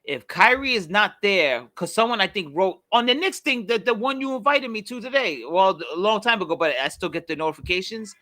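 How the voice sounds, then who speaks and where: A man co-hosting a podcast in casual chat, animated and swearing freely, now and then putting on mock accents for jokes. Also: high voice, a little fast, hardly any pauses, dry recording. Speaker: podcast co-host.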